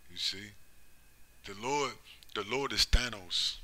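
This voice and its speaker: A man preaching about prophecy in a rhetorical, emphatic way, who keeps asking "right?" and "you see?" and slows down to stress scripture. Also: on the low side, sharp tone. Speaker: religious commentator.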